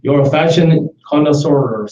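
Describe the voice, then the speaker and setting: A joking male host in casual chat, halting and restarting as he talks. His voice sits a little high, and he sounds set back from the mic in an echoing room. The sound is dull and muffled. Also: mellow. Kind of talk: casual live-stream chat. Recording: roomy, distant, dull live-stream audio.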